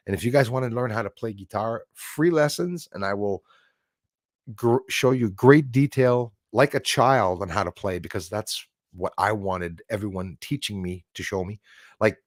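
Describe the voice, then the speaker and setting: A man's voice: fairly low pitch, no echo, studio quality. A man hosting a livestream, chatting in a rambling way and thanking viewers by name. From Canada. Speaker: livestream host. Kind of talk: casual livestream chat.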